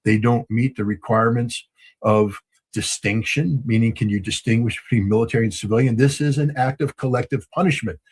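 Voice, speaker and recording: A man giving measured political commentary in a formal, grave, emphatic way, with some filler ums. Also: medium pitch, fairly even intonation, breathy edge.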